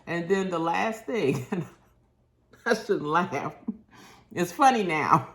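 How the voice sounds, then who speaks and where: A woman's voice: on the low side, takes it slowly, long pauses. A woman, telling a story in a casual vlog rant and acting out what people said. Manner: animated, acts out quotes in shifting voices. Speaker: vlogger.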